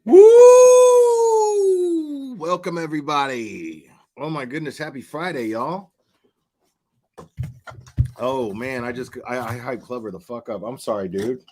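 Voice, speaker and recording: A man's voice: mid-range voice, moderate pace, pauses often, fairly bright tone. A man hosting a livestream in casual chat, rambling and chatty, often restarting his sentences. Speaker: livestream host.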